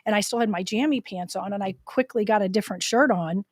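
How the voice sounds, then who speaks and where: A woman's voice: medium pitch, dry recording. Chatty middle-aged woman co-host, dry sound. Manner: chatty, quick to agree and joke. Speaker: podcast co-host. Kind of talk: casual chat.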